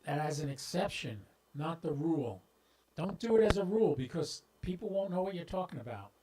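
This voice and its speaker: A man's voice: fairly high pitch, sing-song, brisk, mellow, a little hiss or hum, low-quality recording. A man hosting a ham radio livestream, talking straight to viewers in a folksy, joking way about radio practice, with a clip-on mic on his shirt. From southeastern US. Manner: folksy, talks directly to viewers, stumbles into jokes. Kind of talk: casual livestream talk. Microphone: clip-on microphone on shirt. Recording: popping and scratching from mic.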